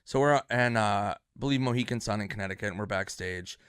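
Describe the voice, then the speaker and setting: Man telling stories, animated and loud. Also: lowish voice, quick pace, smooth, no echo, studio quality. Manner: animated, acts out quotes in a raised voice; swears freely. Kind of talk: casual storytelling.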